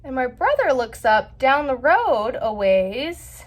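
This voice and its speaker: A woman hosting a vlog, telling a family story in a chatty, animated way with lots of filler words. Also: sits high, slow. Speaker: vlog host. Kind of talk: casual storytelling.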